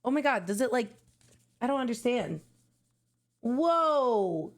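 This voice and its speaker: A woman vlogger chatting casually through an album unboxing, excitable and slangy, often gasping and exclaiming. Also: on the high side, slow pace.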